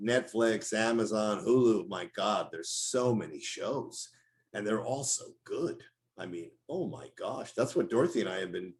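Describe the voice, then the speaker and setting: A middle-aged man, a voice actor, telling stories in a casual interview and slipping into character voices. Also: lowish voice. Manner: animated storyteller who drops into character voices.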